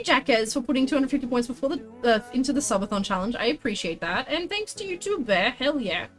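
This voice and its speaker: A woman with a high, bright voice talks casually on a livestream as she works on a craft project. She reads out chat messages and answers them in a chatty, exclamatory way, with faint music playing under her voice. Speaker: streamer crafting a costume tail.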